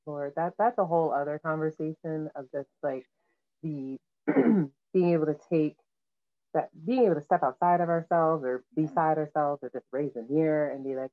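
A woman's voice: low-pitched, moderate pace. A woman hosting a casual chat, talking in a loose, rambling way and laughing easily. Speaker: interviewer. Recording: tinny phone-like call audio.

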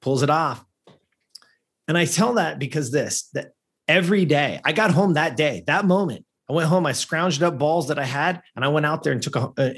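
A man's voice: fairly high pitch, breathy edge. A man in his fifties from California, a podcast guest telling a personal story in an earnest, conversational way, often restarting phrases and asking "right?". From Lancaster, California. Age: 50s.

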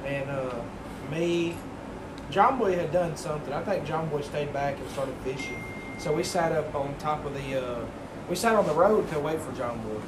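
A man's voice: a little high, moderate pace. A man telling a long rambling story in casual, profane podcast chat. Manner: rambling, profane, swears often. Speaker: podcast co-host. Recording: echoey room, mic at a distance, audible background hiss.

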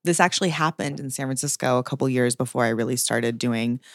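A woman's voice: rumbling low, fast, no room sound. Chatty laughing woman, dry close mic. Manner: chatty, laughing, many fillers and restarts. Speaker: podcast guest. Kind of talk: casual interview chat.

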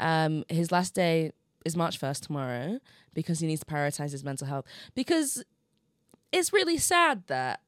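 A woman's voice: deep voice, normal speed, no echo, studio quality. A young woman, co-hosting a casual podcast chat and telling stories animatedly. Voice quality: slightly muffled from chewing gum. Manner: animated storytelling with laughs. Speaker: podcast co-host.

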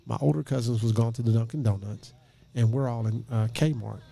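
A man in his late thirties, a pastor, telling a lively personal story with jokes and acted-out quotes. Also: medium pitch, fairly quick, vocal fry. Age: late 30s. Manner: lively, joking, acts out quoted voices.

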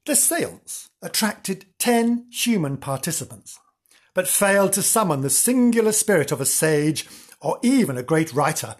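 A man narrates his own misadventures in a scripted, first-person telling full of dry humour. His voice is somewhat husky and sits a little on the high side for a man. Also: big pitch swings, unhurried.

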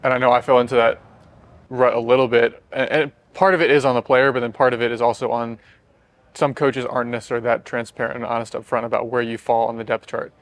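A young man hosts a casual podcast, talking quickly and leading the questions. His pitch stays level and even throughout, with little rise or fall. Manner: quick, conversational, leads the questions. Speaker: podcast host.

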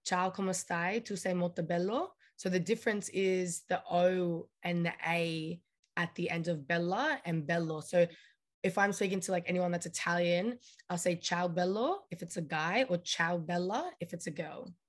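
A woman's voice: fairly low pitch, normal speed. A woman from Australia, a podcast guest, chatting casually and enthusiastically. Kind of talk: casual interview chat.

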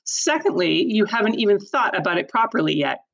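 A woman reading aloud, voicing a strict, sensible father who explains in a firm, measured way. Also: medium pitch, big pitch swings, gravelly, lo-fi sound.

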